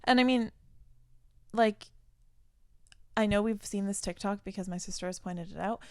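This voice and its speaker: A young woman co-hosting a podcast, telling a dating story in an animated, casual way with lots of "like"s. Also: mid-range voice, normal speed, no echo, clean studio sound. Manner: animated storytelling, many "like"s, reads her texts aloud. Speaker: podcast co-host. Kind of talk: casual chat.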